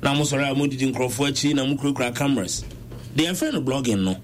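A man with a Ghanaian accent conducts a casual interview, mostly offering short prompts and acknowledgements. His voice sits in an ordinary middle pitch. A faint hiss of noise runs under the recording. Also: quick pace.

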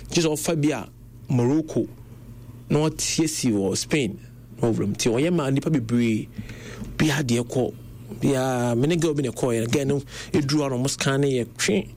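A young Ghanaian man speaks at normal speed with a medium-pitched voice and a Ghanaian accent. Telling stories in casual conversation, he's animated and blends Twi with English; faint background noise can be heard.

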